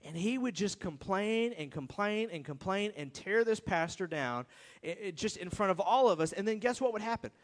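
With a church hall's long reverb behind him, a middle-aged pastor delivers an emphatic yet conversational sermon at normal speed. His voice sits high and sounds animated, and he keeps putting rhetorical questions to the congregation.

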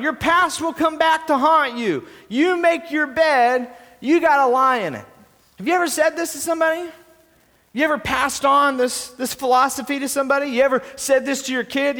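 A pastor delivers a relaxed, joking sermon and keeps calling on the congregation to answer him. He is a man with a fairly high voice for a man. The sound rings out through a reverberant church hall.

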